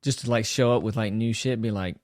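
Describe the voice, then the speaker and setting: A man's voice: lowish voice, brisk, darkish tone, no room sound, studio quality. A young man hosting a podcast, reacting with short, wry quips to a guest's story. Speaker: podcast host. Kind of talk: casual chat.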